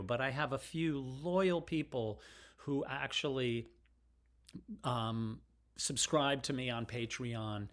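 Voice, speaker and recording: Middle-aged guy rambling to his camera, frank, wanders off topic, mid-pitched voice. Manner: rambling and digressive, frank and emotional. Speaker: vlogger. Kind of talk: casual rambling monologue.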